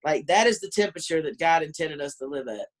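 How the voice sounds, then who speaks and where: Speaking fast in a low, animated voice, this Southern American comic rants through a profane, brash routine from her home. The sound comes through a computer microphone on a video call, and she breaks into laughter between jokes.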